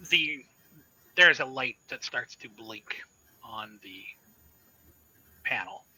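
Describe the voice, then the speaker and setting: A man's voice: mid-range voice, expressive, slow, pushed and bright, husky, no room sound, rough recording. A man narrating a sci-fi horror tabletop game as game master, casual and loose with fillers.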